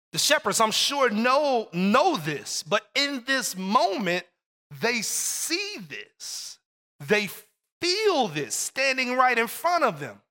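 A man's voice: high-pitched, bright, forceful tone, in a large hall. A man preaching a sermon as pastor, telling a personal story and repeating phrases for emphasis.

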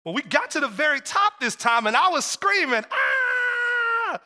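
High bright-voiced man preaching. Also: big pitch swings, brisk, in a large hall. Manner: storytelling, repeats phrases for emphasis. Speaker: pastor. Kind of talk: sermon.

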